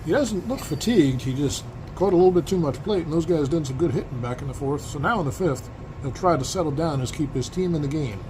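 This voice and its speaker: A replay host calls a tabletop baseball game like a broadcaster, tossing in asides about his dice rolls. His fairly high voice moves fast with lively intonation, and an air conditioner hums in the background.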